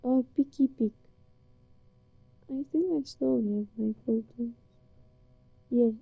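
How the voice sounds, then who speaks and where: A woman's voice: fairly high pitch, slow, vocal fry, breathy edge, no echo, phone-quality sound. A young woman from Britain chatting casually and rambling in a giggly, playfully flustered way. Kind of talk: casual chat to a listener. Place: indoors, under a blanket.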